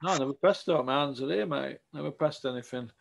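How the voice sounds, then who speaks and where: A man's voice: medium pitch, fast talker, vocal fry. A man giving blunt, outspoken opinions as a boxing pundit in a casual interview, often tagging on questions like "isn't it?".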